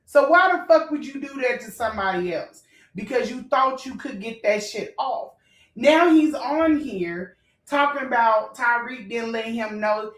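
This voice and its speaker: Telling a heated story to her viewers, this vlogger is animated, blunt and full of profanity, her fairly high voice ringing through an echoey room. She talks a little slowly, and the mic sits at a distance.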